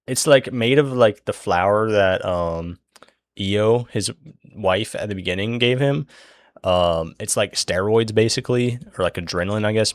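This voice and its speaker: Young man, slow low drawl, profane rambling storyteller, dry close mic. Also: dry recording. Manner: rambling, profane, loses his place. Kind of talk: casual plot retelling while drawing.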